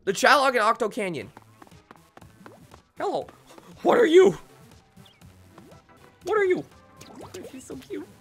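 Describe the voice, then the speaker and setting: An excitable young man giving live commentary as he plays a video game, joking at his own expense and answering his chat. His voice swings widely, from low mutters up to eager high shouts. The tone is bright and forward. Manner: excitable, self-deprecating, talks to chat. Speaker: streamer.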